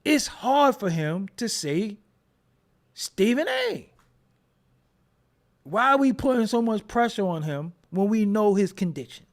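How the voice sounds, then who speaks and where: A man's voice: high voice, animated, moderate pace, hardly any pauses. A man hosting a casual commentary show, joking and riffing in slangy with frequent laughs. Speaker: host.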